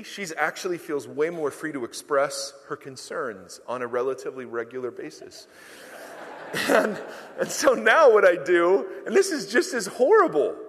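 A middle-aged male pastor preaching a sermon, telling self-deprecating stories and acting out quotes. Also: sits high. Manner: animated, self-deprecating storytelling with acted quotes. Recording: long hall reverb.

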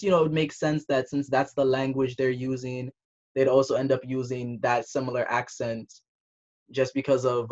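A young man from the Caribbean talking through his thoughts in a casual discussion, pausing and restarting as he goes. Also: mid-range voice. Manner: reflective, thinking aloud with restarts. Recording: dull, muffled audio.

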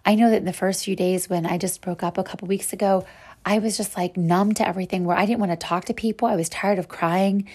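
Woman, devotional podcast teacher, earnest, encouraging, middle pitch. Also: fairly even intonation, quick pace, darkish tone, slightly rough. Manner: earnest, encouraging, addresses listeners as "sister friend". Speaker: podcast host and Bible teacher.

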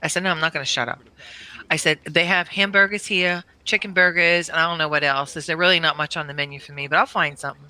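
A woman's voice: sits low, fairly even intonation, fast talker, pushed and bright, low-quality recording. A middle-aged woman telling a funny family story in casual chat, laughing often. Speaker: guest storyteller, mother.

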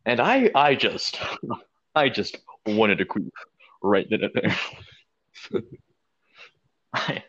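Profane, animated man telling a story. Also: fairly low pitch, takes it slowly, pauses often, dull audio. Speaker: podcast co-host. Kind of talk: casual storytelling chat.

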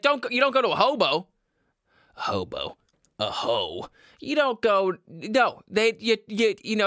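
A man hosting a comedy podcast, ranting in a loud, high-energy, profane and sarcastic way, with self-mockery. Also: no room sound, studio quality.

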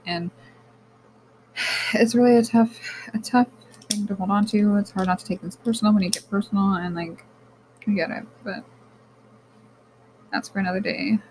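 A woman's voice: mid-range voice, fairly even intonation, normal speed, pauses often, a little mellow, a little hiss or hum, rough recording. A woman hosting her own podcast, talking candidly and rambling, swearing freely and addressing listeners as guys, close to tears. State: near tears. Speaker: podcast host. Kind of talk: personal podcast monologue.

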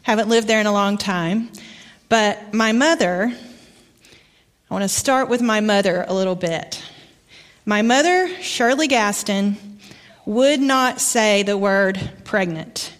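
A middle-aged woman with an Arkansas accent, giving a sermon as a guest preacher, in a conversational storytelling manner. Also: medium pitch. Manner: warm, conversational storytelling with pauses. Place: church sanctuary. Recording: long church reverb.

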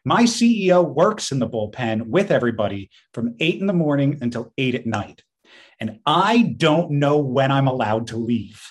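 With a medium-pitched voice and a moderate pace, a man co-hosts a podcast in relaxed conversation. He's an animated storyteller who laughs frequently.

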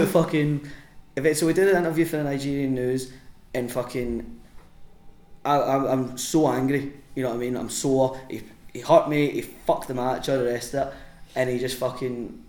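A man's voice: mid-range voice, steady tone, moderate pace, a little mellow, echoey room. A man, a podcast guest and wrestler, telling a sweary anecdote with frequent laughs. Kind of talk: casual storytelling.

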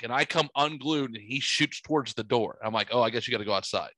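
A fast-talking man in his forties with a medium pitch rambles through a long story in casual chat, animated and full of profanity. The recording is dry and low-quality.

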